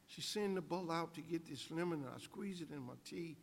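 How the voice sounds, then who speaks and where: An older guest speaker gives students an inspirational speech, building his points through emphatic, preacher-like repetition. His slightly high voice has a gravelly edge and moves a little fast with few pauses. In the echoey hall, a long reverb trails each phrase, with slight background noise.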